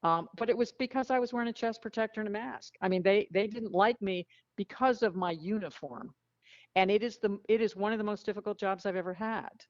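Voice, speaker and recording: A woman guest telling frank, lively stories in a casual interview. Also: medium pitch, brisk, dry recording. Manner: animated, frank storyteller who acts out quotes. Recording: dull lo-fi dry sound.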